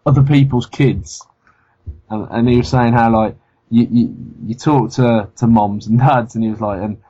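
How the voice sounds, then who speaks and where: A man's voice: medium pitch, steady tone, normal speed, warm tone, breathy edge. Sweary man ranting on a podcast. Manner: blunt, sweary, laughs at his own rants. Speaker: podcast co-host. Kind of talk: casual comedy chat. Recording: dull lo-fi podcast audio.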